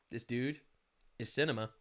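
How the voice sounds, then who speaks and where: A man doing sarcastic, emphatic reaction commentary as a streamer. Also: mid-range voice. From United States. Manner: loud, sarcastic, emphatic interjections. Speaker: streamer reacting to a political video.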